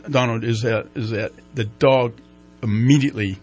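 A man's voice: mid-range voice, normal speed, loud music behind the voice. A man hosting a radio talk show, interviewing guests in a loose, easygoing way.

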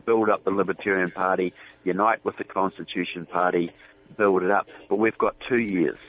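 A man's voice: low-pitched, fairly even intonation, a little fast, fairly bright tone. A man with a New Zealand accent, a guest on political talk radio, talking emphatically and often repeating words as he starts a point. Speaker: guest on the phone. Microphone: phone. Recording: tinny dry phone line.

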